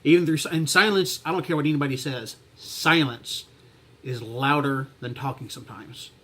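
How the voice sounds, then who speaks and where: A man talking to his camera in a reflective personal vlog, halting and heartfelt, with many restarts and fillers. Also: mid-range voice, fairly bright tone. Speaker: vlogger.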